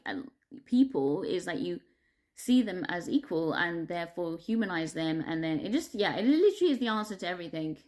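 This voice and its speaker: A woman's voice: lowish voice, darkish tone. Brief: woman vlogger, casual rant, constant fillers, heavy swearing, frustrated laughs. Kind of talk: casual ranting monologue.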